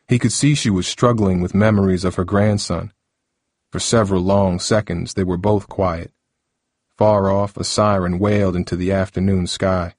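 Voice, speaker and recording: A man narrating an audiobook in a steady, even storytelling voice. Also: low-pitched, normal speed, no echo, studio quality.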